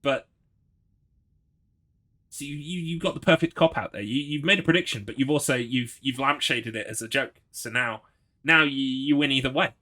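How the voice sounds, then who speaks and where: Chatty man, bright tone. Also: medium pitch, normal speed. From United Kingdom. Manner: rambling, chatty, frequent restarts and swearing. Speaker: streamer. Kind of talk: gaming livestream commentary.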